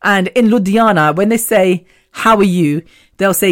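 Woman solo podcaster; loose, chatty monologue, quick laughs throughout. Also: lowish voice. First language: Punjabi. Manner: chatty, rambling, laughs often. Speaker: podcast host. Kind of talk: casual solo chat.

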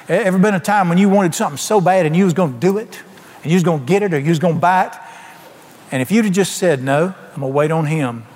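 Brief: man, pastor mid-sermon, folksy and plainspoken, fairly high voice, long reverb of a church hall. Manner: folksy, colloquial preaching with sudden soft drops.

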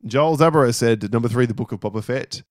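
A man co-hosting a podcast, reading out listener lists in casual, animated chat with frequent swearing and laughter. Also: mid-range voice, fast talker, no echo, clean studio sound. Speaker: podcast co-host.

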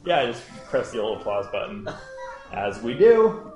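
A man's voice: medium pitch, very animated, moderate pace, a little mellow. Playful man hosting a podcast live. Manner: playful, hesitant with many fillers. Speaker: podcast host. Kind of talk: comedic live podcast banter. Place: live event in a bookstore. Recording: echoey room with music.

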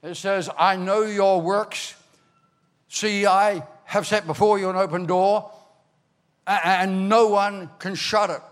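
An older man from Ireland, preaching a sermon as a pastor, telling stories with animated bursts into shouting. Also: sits high, slow. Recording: long hall reverb.

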